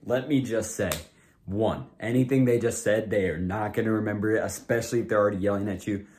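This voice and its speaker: A man with a fairly low voice talks loosely to the camera, handing out tips. He rambles, leans on "like" and keeps restarting his sentences, and the tone stays casual throughout. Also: steady tone, fairly quick, a little mellow. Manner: rambling, filler-heavy, lots of "like" and restarts. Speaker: comedy video creator. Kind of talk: casual talk-to-camera advice.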